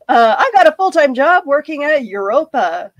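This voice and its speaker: A woman's voice: high voice, no echo, lo-fi sound. A woman from Canada, a guest on a podcast, chatting casually and laughing often.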